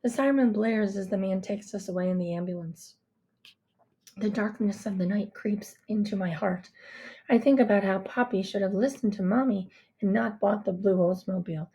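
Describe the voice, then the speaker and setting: A woman reading a first-person story in a hushed, intimate way. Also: medium pitch, moderate pace. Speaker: audiobook reader.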